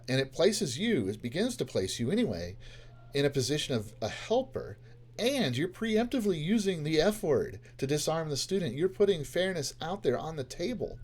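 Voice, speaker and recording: Low-voiced man talking teaching tips. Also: a little mellow. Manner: informal, halting, lots of fillers and restarts. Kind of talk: podcast explaining with role-played dialogue.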